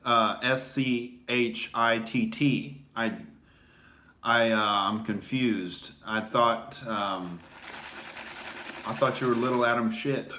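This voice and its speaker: A man's voice: mid-range voice, steady tone, slow, sharp tone, a little hiss or hum. A man hosting a podcast as a comedian, rambling through a casual, sarcastic monologue. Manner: rambling and sarcastic, many fillers. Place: small home recording setup. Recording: echoey room.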